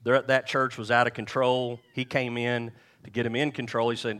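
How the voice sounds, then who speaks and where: A man's voice: medium pitch, level tone, moderate pace, fairly bright tone. A middle-aged man preaching a sermon in a church, casual and joking, asking the congregation questions as he goes. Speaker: pastor. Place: church sanctuary.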